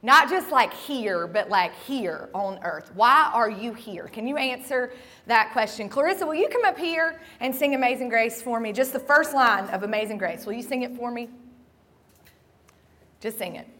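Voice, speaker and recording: A woman's voice: a little high, expressive, moderate pace, sharp tone, big-room sound. A woman pastor preaching a sermon in a church, asking her listeners direct questions and building to impassioned cries. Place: church sanctuary.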